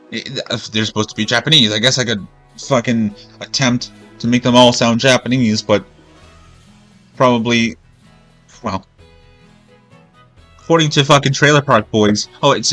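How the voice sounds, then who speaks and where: A man's voice: mid-range voice, pushed and bright, no room sound. A man streaming a video game and ranting in a rambling, profane, exasperated way. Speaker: gaming streamer. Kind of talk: gameplay commentary rant.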